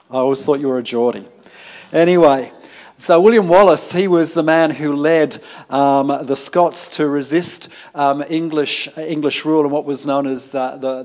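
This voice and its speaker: Halting, slightly high-voiced male preacher. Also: darkish tone. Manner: hesitant, many ums and restarts, joking asides with the congregation. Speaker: pastor. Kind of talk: sermon. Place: church service before a congregation.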